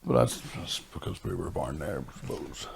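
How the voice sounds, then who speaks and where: A man with a Northern Irish accent co-hosting a podcast, joking and swearing through quick casual chat. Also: very deep voice, wildly swooping pitch, gravelly. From Northern Ireland. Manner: sweary, fast, joking banter. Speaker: podcast co-host, comedian.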